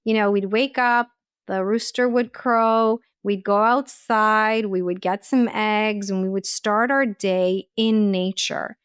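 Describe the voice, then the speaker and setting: A woman speaks as a guest on an interview podcast, walking the listener through practical daily habits with an earnest, coaching manner. Her voice sits in a middle pitch, and the recording is close and dry with little room sound. She talks conversationally, leaning on fillers like "you know" and "like". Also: fairly even intonation, slow pace, clean tone, no echo. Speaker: holistic nutritionist and life coach, podcast guest.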